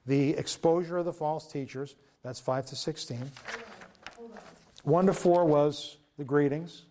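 A man preaching to his congregation, talking with an earnest, conversational warmth and stumbling into frequent restarts and fillers. His voice sits a little higher than most men's. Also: steady tone, measured pace. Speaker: pastor. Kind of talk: sermon.

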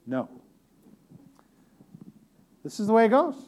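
A man's voice: high voice, huge pitch swings, slow, darkish tone, slight background noise. Chatty man preaching a sermon. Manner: chatty, repetitive, joking asides to the congregation. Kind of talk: conversational sermon.

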